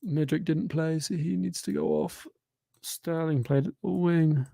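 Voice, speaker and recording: A man's voice: a little high, measured pace, creaky, mellow. A young man hosting a live football watchalong, sarcastic and exasperated, doing mock commentary. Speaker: fan channel host.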